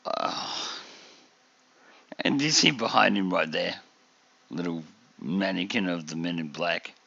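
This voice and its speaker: A man from Australia talks over a video he is reacting to, slow and rambling, piling on fillers as he grumbles. His voice sits very low with a gravelly fry, yet has a bright edge. The recording sounds dull and lo-fi. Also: dry recording. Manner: annoyed, rambling with many fillers. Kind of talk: casual reaction commentary.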